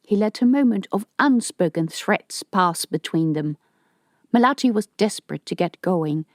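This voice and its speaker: A woman narrating an audiobook in a steady, clear storytelling manner. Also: medium pitch, moderate pace, no room sound, studio quality. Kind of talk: scripted narration.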